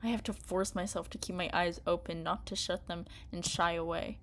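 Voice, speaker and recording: A woman reading the first-person lines of a protective heroine in a story game, softly and subdued. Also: on the low side, steady tone, moderate pace, slight background noise. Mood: tense.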